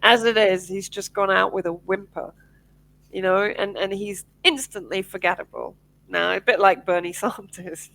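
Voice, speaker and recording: A woman's voice: mid-range voice, normal speed, gravelly, a bit bright, rough recording. A woman guest talking emphatically and with exasperation, with a head cold. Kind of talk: casual chat.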